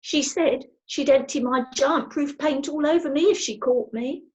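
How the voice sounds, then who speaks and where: A woman's voice: high voice, normal speed, voice pushed up, lightly acted. A woman voicing a timid, grumbling male goblin in a storybook reading, complaining in a fussy way. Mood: miserable.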